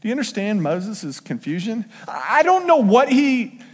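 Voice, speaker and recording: High-pitched and sing-song with a breathy edge, this man preaches at a measured pace in a church sanctuary with long hall reverb. As pastor, he keeps the sermon casual and conversational, performing the quoted lines in changing voices.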